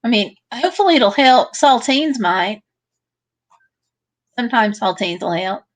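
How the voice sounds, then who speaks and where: A woman with a slightly high voice hosts a relaxed livestream from home. She reads out viewer comments one after another and answers each in a friendly way. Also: measured pace. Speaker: livestream host. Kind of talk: casual livestream chat reading viewer comments.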